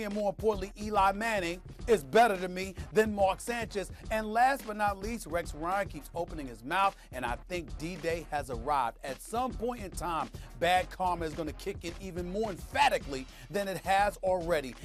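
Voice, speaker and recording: A man giving an emphatic, animated sports opinion segment, swinging between loud bursts and hushed asides. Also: high voice. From New York. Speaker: sports commentator.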